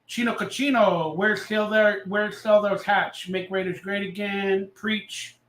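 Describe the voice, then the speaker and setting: A man's voice: high-pitched, steady tone, unhurried, a bit bright, echoey room, recorded from a distance. A man hosting a casual live stream, ranting sarcastically and reading out viewer comments. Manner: ranting, sarcastic, reads chat aloud.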